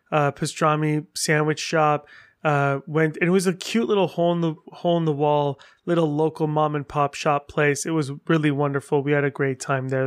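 A man hosting a solo podcast, chatting in an animated, rambling way and gushing as he tells stories. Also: on the high side, smooth. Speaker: podcast host. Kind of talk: casual solo podcast update.

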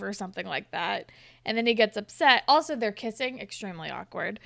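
A woman's voice: mid-range voice, expressive, a little fast, gravelly, a bit bright, dry recording, studio quality. A young woman co-hosting a casual chat, retelling a show's scenes and acting out the characters' lines. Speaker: podcast co-host recapping a TV episode.

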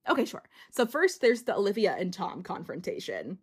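A giggly woman co-host in casual chat, recapping a reality show. She laughs often and slips into playful voices when she quotes people. Her pitch sits in the middle for a woman. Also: wildly swooping pitch, brisk, slightly rough. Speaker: podcast co-host.

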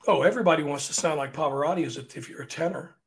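A man from Virginia, an opera singer, chatting in an interview and telling stories in an animated way, often restarting his sentences. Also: fairly high pitch, very fast. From Virginia, USA. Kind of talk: casual interview storytelling.

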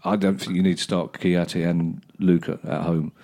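A man with a very low voice talks football on a podcast. He builds his points slowly and repeats himself as he thinks, in a relaxed, opinionated chat. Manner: measured, opinionated analysis with repeated restarts. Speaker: podcast co-host.

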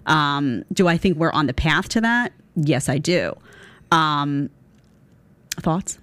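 Woman, podcast host, lively swooping voice, laughs often, dry close sound. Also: low-pitched, slow pace, no echo. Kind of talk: conversational interview.

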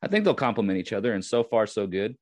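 A man with a Long Island accent talks in a deep, low voice, hosting a casual solo podcast. He rambles, restarting words and leaning on fillers. The sound is dry and close, with no room around it. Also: big pitch swings, fast, no room sound. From Long Island, New York. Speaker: podcast host.

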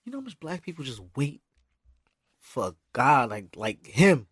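A man's voice: mid-range voice, big pitch swings, normal speed, slightly rough, no echo, clean studio sound. A man co-hosting a podcast, chatting bluntly and casually about sports, laughing easily. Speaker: podcast co-host.

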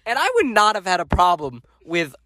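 High lively male podcast co-host. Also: a little fast. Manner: animated storytelling, laughs often. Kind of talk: casual chat.

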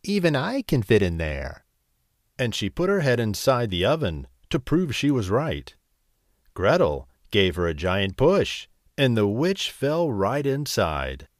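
Male bedtime storyteller, unhurried, highly melodic delivery, dry close recording. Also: no room sound. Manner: slow and expressive.

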